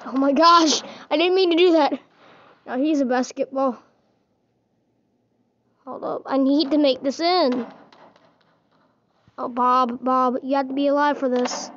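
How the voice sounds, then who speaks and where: Woman, high voice, casual gameplay commentary, playful and teasing, muffled lo-fi recording. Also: steady tone, a little slow, pauses often, fairly bright tone, a little hiss or hum. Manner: playful, teasing, talks to her game characters. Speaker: gaming video host.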